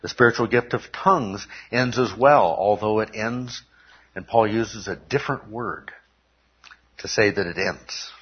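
Husky preacher man teaching a sermon. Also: on the low side, measured pace. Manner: teaching, often checking in with "okay?". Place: church service. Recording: dull lo-fi recording.

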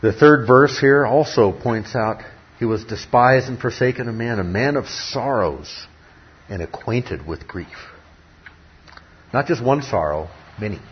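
A man's voice: medium pitch, measured pace, husky. A man teaching from the Bible. He stresses key words by repeating them and throws rhetorical questions at his listeners. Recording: dull lo-fi recording with faint ambience.

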